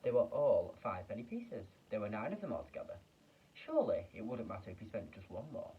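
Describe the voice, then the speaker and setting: Lively man reading a children's book. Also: fairly low pitch, a little fast, distant mic, dull audio. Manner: expressive storytelling with small slips. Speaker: teacher reading aloud. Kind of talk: children's book read-aloud.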